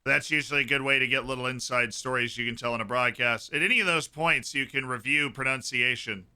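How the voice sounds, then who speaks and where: A young man talks casually through a live watchalong stream, breaking into sudden excited outbursts. His voice is very bright and forward. It is smooth and crisp. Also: medium pitch, fairly quick.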